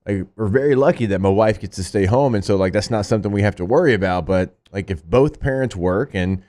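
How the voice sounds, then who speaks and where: A man's voice: on the low side, fairly quick, warm tone. A man co-hosting a sports radio show, chatting casually about his family and the day.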